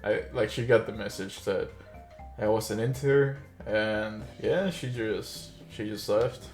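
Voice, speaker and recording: A man's voice: on the low side, a little slow, a little mellow, faint music behind. A young man casually recounting a story as a vlogger, rambling with lots of filler words and chuckling now and then.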